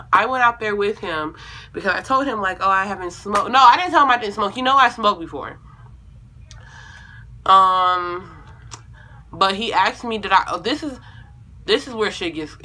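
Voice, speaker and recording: A woman's voice: mid-range voice, expressive, normal speed, pauses often, pushed and bright. A young woman telling a storytime video at home in a casual, rambling way, correcting herself and swearing freely. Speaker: vlogger.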